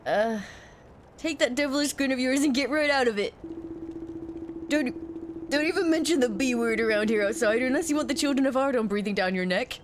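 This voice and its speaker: A self-pitying old pub landlord played by a woman grumbles. The voice sits high for an old man. A faint hiss runs under the game-dialogue reading. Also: fairly quick, natural voice. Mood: grumbling.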